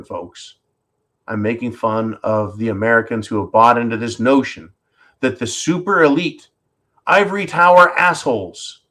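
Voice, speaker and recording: A man's voice: medium pitch, a bit bright. A man hosting a livestream and ranting bluntly about politics, swearing freely and talking the audience through it. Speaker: livestream host.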